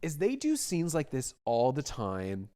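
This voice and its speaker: A man's voice: mid-range voice, huge pitch swings, a little slow, warm tone. A man co-hosting a podcast, chatting casually about a film and thinking aloud with fillers. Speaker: podcast co-host. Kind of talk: casual film-review chat.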